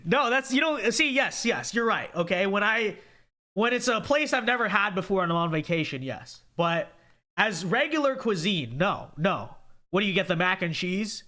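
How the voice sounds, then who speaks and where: Animated young man hosting a livestream. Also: high voice, normal speed. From California. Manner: emphatic, repeats points with "okay?". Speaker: livestream host reading viewer chat. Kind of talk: casual livestream commentary.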